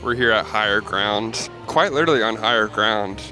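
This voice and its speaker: A man's voice: fairly low pitch, moderate pace, music in the background. Upbeat, jokey man hosting a vlog. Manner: upbeat, self-deprecating and jokey. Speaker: host. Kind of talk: casual travel vlog narration.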